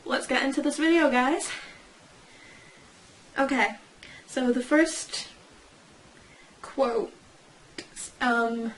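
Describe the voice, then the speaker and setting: A woman's voice: sits high, extremely slow, pauses often, a little hiss or hum, rough recording. A young woman chatting casually at home in a rambling fan reaction vlog, often correcting herself. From United Kingdom. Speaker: vlogger. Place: at home, indoors.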